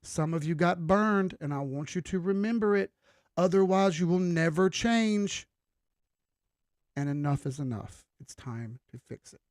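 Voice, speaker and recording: Emphatic higher-voiced man hosting a stream. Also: lively intonation, measured pace, no room sound, clean studio sound. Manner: emphatic, preachy and blunt, with casual swearing. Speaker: crypto trading livestream host. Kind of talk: casual livestream pep talk.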